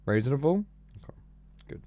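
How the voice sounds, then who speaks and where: Sweary man with a lively voice. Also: medium pitch, a little fast, muffled recording. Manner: sweary, sarcastic, talks to himself and chat. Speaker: gameplay streamer. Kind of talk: casual profane gameplay commentary.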